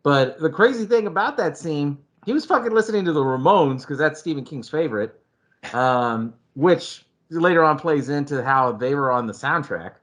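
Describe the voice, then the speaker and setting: A man co-hosting a casual movie chat, animated and profane, sometimes acting out scenes with sudden loud shouts. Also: on the high side, normal speed. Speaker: podcast co-host.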